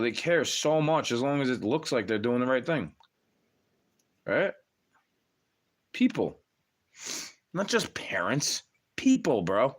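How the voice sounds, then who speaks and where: A man's voice: on the high side, fairly bright tone. A young man ranting on a livestream, profane and agitated, talking straight at the listener.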